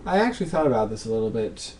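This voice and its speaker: A young man answering viewer questions in a casual vlog, thinking aloud with lots of ums and pauses. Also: fairly low pitch, very animated, a little mellow.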